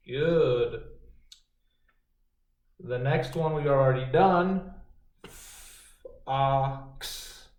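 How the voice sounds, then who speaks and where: A man teaches a remote phonics lesson to kindergarteners, stretching out letter sounds in a slow, sing-song way. He talks at an unhurried pace. His voice is captured from a distance by a laptop mic, with noticeable room echo. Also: fairly high pitch, a little mellow. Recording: roomy, distant home video.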